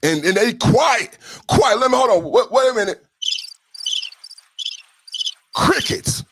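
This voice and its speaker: A man hosting a podcast livestream, ranting profanely about politics with mocking, shouting, sing-song taunts. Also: very high voice, animated, moderate pace, breathy edge. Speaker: podcast host.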